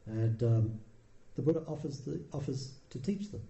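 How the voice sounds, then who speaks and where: A man giving a Buddhist dharma talk, telling the story in a relaxed, conversational way with dry humour. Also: mid-range voice, moderate pace, vocal fry, lo-fi sound. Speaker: dharma teacher. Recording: roomy echo.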